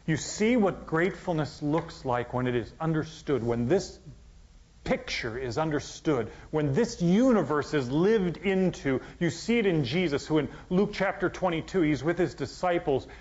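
Preaching man, loud to whispered. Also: fairly high pitch, lively intonation, normal speed. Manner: dramatic swings from loud emphasis to near-whisper. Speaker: pastor. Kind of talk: sermon. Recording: dull, lo-fi sound.

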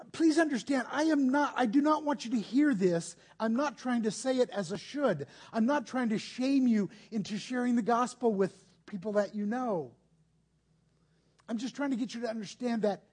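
A man's voice: extremely high pitch, darkish tone, breathy edge. A man preaching a conversational sermon, explaining patiently and putting rhetorical questions to his listeners.

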